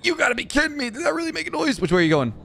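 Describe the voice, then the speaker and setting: A man streaming a video game, reacting out loud with swearing and talking to the characters on screen. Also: very high voice, rapid-fire, slight background noise. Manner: jumpy and excitable, swears, talks to game characters. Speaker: gaming streamer. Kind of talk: let's play commentary.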